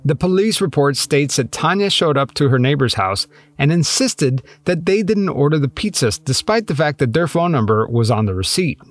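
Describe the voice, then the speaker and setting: Male true-crime host, scripted narration with a lively, higher delivery and a dry close mic. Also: moderate pace, few pauses, no room sound. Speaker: podcast host.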